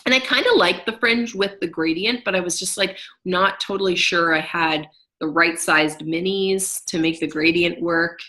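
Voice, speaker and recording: A woman's voice: on the low side, moderate pace, bright, forceful tone. A woman co-hosting a podcast, chatting casually and rambling with many fillers. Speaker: podcast co-host. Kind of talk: casual chat about knitting.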